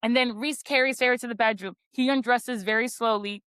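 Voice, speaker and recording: A woman's high-leaning, smooth, slightly bright voice moves fairly quickly with fairly even intonation, and there's no room sound. She's on a book podcast doing a casual chapter recap, chatty and heavy on "like," teasing playfully about spicy scenes.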